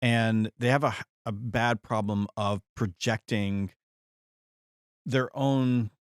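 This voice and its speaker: Guy hosting a sales podcast, mid-pitched voice, reflective, dry close sound. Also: steady tone, takes it slowly, smooth, no room sound. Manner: reflective, probing questions. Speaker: podcast host. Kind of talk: conversational interview.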